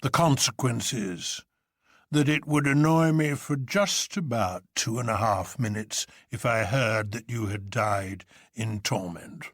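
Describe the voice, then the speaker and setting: A man's voice: mid-range voice, a little slow, fairly bright tone, no room sound, studio quality. A man voicing a huge, commanding older man who presides over an anarchist council, drawling with grand mockery.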